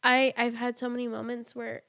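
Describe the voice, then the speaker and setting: A woman's voice: a little high, completely flat delivery, a little fast, gravelly, sharp tone. A woman in her twenties, a young mother, talking earnestly and chattily as a podcast guest, with many "like"s and "you know"s. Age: 20s. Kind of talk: casual podcast conversation.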